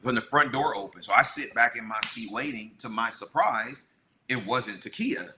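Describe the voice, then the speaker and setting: A man's voice: mid-range voice, lively intonation, moderate pace, bright, forceful tone, slight background noise. A middle-aged man co-hosting a podcast, telling a story in casual chat and acting out the people he quotes. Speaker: podcast co-host.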